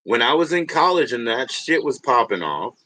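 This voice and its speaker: A man's voice: mid-range voice, big pitch swings, moderate pace, sharp tone. A man hosting a livestream in casual chat, rambling and profane, laughing often and talking straight to his viewers. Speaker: livestream host.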